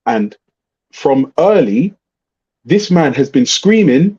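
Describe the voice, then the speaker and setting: Middle-aged man, blunt animated rant. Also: a little high, slow, slightly rough. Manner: blunt, swearing, animated storytelling. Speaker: livestream host. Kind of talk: casual ranting chat. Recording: muffled lo-fi livestream audio.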